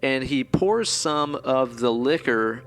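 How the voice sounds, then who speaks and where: A man's voice: medium pitch, lively intonation, slow pace, a little hiss or hum. Rambling, swearing podcast co-host man. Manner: rambling, swears freely, lots of "like" and "kinda". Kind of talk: casual movie recap chat.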